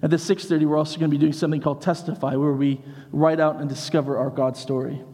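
A man preaching a sermon as vicar, telling a funny story in an animated way, moving from hushed lines to shouts. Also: on the high side, fast talker, long reverb tail.

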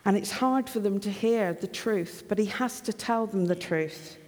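Woman preacher, slow and deliberate, animated storyteller, echoing hall sound. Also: mid-range voice. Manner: lively storyteller, acts out dialogue with chuckles. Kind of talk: sermon retelling a Bible story. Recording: long hall reverb.

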